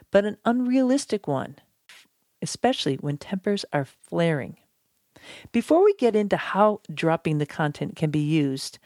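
A woman teaching conflict management in a playful, chatty manner that addresses the listener directly. Her voice is lowish and mellow. The recording is dry and close, with no room sound. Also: no room sound. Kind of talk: instructional audiobook narration.

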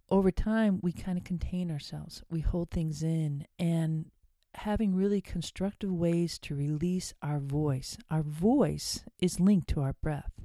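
Woman podcast host, middle-aged, casual wellness chat, warm low tone, dry room. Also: no room sound. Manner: chatty, guiding relaxation exercises.

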